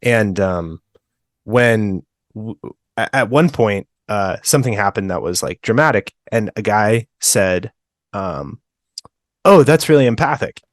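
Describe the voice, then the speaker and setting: A young man co-hosting a book podcast, talking in a relaxed, rambling way with lots of fillers. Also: lowish voice, takes it slowly, dry recording, clean studio sound. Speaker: podcast co-host. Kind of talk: casual book discussion.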